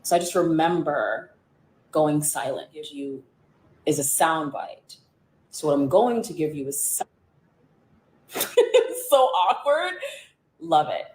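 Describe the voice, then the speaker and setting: A woman's voice: sits low, expressive, takes it slowly, long pauses, darkish tone, echoey room. A woman, a media personality and author, telling candid interview stories in a blunt, profane, sarcastic way.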